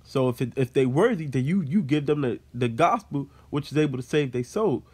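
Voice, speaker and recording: This Bible teacher reads a passage aloud and then unpacks it in relaxed talk, dropping in words like "man." His medium-pitched voice is expressive and brisk, with a darkish tone and a breathy edge.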